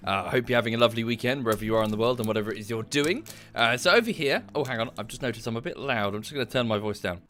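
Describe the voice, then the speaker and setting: A man's voice: medium pitch, expressive, rapid-fire, hardly any pauses, fairly bright tone. British guy chatting on stream at home, polite, rambly, lots of ums, mid voice. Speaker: livestreamer. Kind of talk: casual stream chat.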